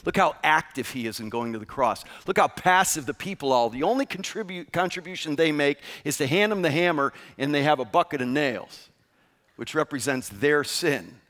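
A man preaching a sermon, emphatic and lively, often asking his listeners rhetorical questions. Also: on the high side, normal speed. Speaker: pastor. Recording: long reverb of a large room.

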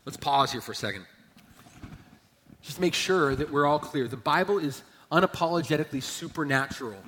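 A man preaching a sermon as a pastor, emphatic, swelling loud and then dropping low. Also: expressive, fairly quick, a little hiss or hum. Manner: emphatic preaching, rising and falling in volume. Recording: long church hall reverb.

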